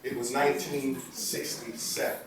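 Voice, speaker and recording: A man telling an emotional personal story to a live audience at a home, excited and stammering at times. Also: mid-range voice, moderate pace, slight background noise. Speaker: storyteller and speaker. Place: home, indoors. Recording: echoey room, distant mic, audience. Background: audience laughing.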